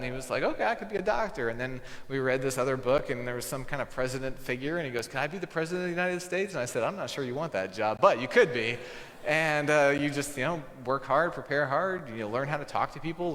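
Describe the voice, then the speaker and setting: A man's voice: medium pitch, a bit bright, in a large hall, slight background noise. A man, a pastor preaching a sermon and telling a story in a conversational way, acting out the dialogue. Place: church sanctuary.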